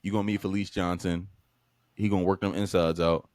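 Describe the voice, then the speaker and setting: A young man, hosting a podcast and telling stories in an animated way, full of fillers, swearing and acted-out voices. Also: sits low, brisk, dry recording. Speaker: podcast co-host. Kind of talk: casual storytelling chat. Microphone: podcast microphone.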